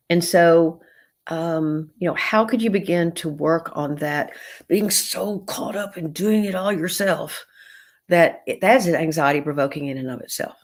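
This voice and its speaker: Southern-accented woman psychologist, middle-aged, low voice, easy conversational advice. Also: vocal fry. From American South. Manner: warm conversational advice with retold dialogue. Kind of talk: live-stream Q&A.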